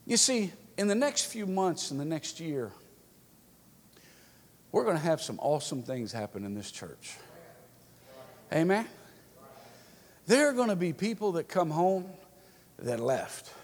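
A man's voice: on the high side, very animated, measured pace, pauses often. A male pastor preaching a sermon in a church, telling folksy stories with many restarts and building to fervent exhortation. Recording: long church-hall reverb.

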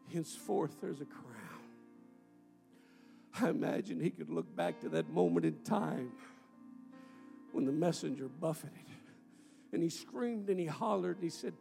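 A man pastor preaching a sermon to his congregation in a church, his delivery swelling loud and falling to near whispers. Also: on the high side, moderate pace, gravelly, pauses often, soft background music. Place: church sanctuary. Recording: roomy hall with long reverb.

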